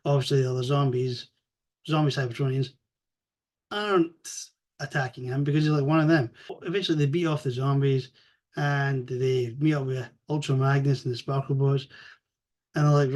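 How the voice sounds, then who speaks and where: A man recapping a comic story in a rambling, animated way, swearing freely and acting out the characters' lines. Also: mid-range voice, moderate pace. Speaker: comics reviewer.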